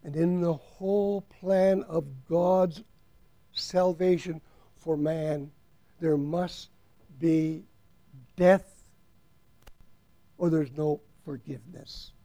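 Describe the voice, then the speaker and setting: A man preaching in a high, gravelly voice, stretching his words out slowly. He swings from hushed asides to ringing declarations and argues back at an imagined doubter. The sound is close and dry. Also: steady tone, no echo. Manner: emphatic, swings from soft to loud, drawn-out words. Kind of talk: sermon.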